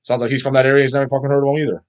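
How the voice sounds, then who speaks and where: A man's voice: medium pitch, level tone, very fast, clean tone. A man hosting a casual metal podcast, rambling and profane, often trailing off as he searches for names while reading viewer comments. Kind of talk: casual chat.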